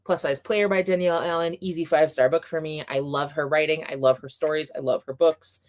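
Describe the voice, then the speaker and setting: A young adult woman hosting a livestream, chatting casually and excitably with viewers, with many fillers and frequent laughter. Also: sits low, fairly quick. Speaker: livestream host.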